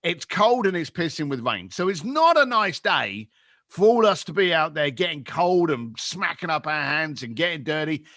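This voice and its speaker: A London-accented man in his fifties tells a story with great animation and slips into other people's voices. His voice is bright and swings widely in pitch. It is recorded dry and close. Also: normal speed, no room sound. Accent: London English. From England. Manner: lively, acts out voices in anecdotes. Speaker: podcast guest.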